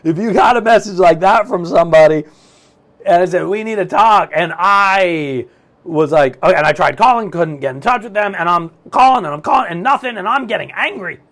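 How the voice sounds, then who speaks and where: Middle-aged male self-help speaker, lively storyteller, a bit higher-pitched than most men. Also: brisk. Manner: animated, storytelling, acts out his own thoughts. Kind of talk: motivational talk to camera.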